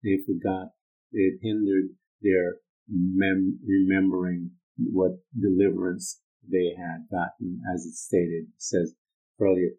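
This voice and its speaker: A male preacher giving a sermon, emphatic, repeating his points and moving between loud urging and quiet low stretches. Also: little pitch movement, slow pace, narrow, tinny audio.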